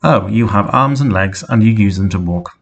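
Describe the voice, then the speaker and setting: A rude earth pony who sneers at a stranger, read by a man. The voice is low and gravelly with a husky edge. He speaks with open scorn. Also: normal speed, muffled recording. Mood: scornful. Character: hostile male earth pony, rude bully.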